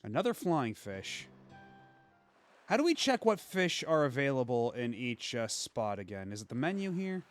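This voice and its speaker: A man casually commenting while he plays a fishing game on a stream, thinking aloud with quick asides. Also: medium pitch, big pitch swings, faint music behind.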